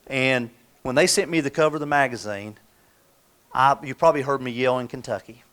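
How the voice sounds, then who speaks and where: A middle-aged motivational speaker gives a live talk in a brisk, medium-pitched, slightly bright voice. His style is folksy storytelling, and he acts out the voices of the people in his stories.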